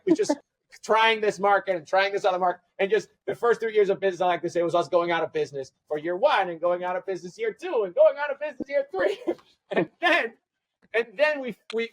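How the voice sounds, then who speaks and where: A man, a tech company CEO, telling stories as a guest in a casual podcast interview, acting out quoted dialogue with quick, run-on phrasing. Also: high voice, rough recording. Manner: fast, run-on phrasing with restarts.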